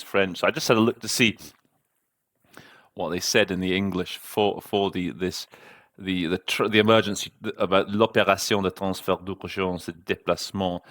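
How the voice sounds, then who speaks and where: Host man, very deep voice, dry close sound, self-critical interpreter talking through his work. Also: a bit bright, dry recording. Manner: reflective, self-critical, conversational. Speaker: conference interpreter and podcast host.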